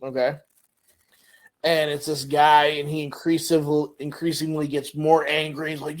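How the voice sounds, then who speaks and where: His voice is a little high and his pace moderate as this middle-aged man co-hosts a relaxed podcast. He asks questions and tells stories vividly, slipping into acted-out voices.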